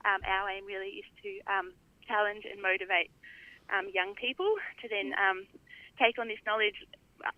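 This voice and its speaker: A woman's voice: mid-range voice, no room sound. A woman, interviewed on the phone, talking in a chatty way with many ums. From Australia. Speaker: guest on phone. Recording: tinny phone line.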